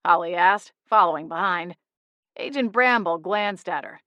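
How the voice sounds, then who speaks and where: A woman reading a first-person audiobook in a lively storytelling manner. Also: lowish voice, moderate pace, dry recording, clean studio sound. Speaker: audiobook narrator.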